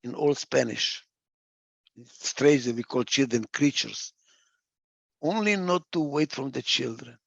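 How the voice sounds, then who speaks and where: In this reflective talk, the man drives points home through repetition, occasionally stalling on a word before restarting. He speaks unhurriedly in a mid-range voice with lively intonation, vocal fry, frequent pauses and a slightly bright tone, on a dry, dull-sounding recording.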